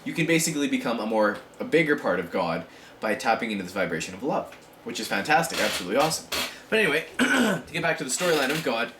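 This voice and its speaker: A man talking casually in a rambling vlog monologue, with many fillers and frequent throat clearing. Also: medium pitch, sing-song, fast talker, echoey room, background noise. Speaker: vlogger.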